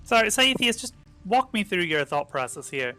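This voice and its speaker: A man's voice: high-pitched, big pitch swings, moderate pace, sharp tone, soft background music. A man playing at a tabletop game, dry and teasing. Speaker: player. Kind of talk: casual chat at a gaming table.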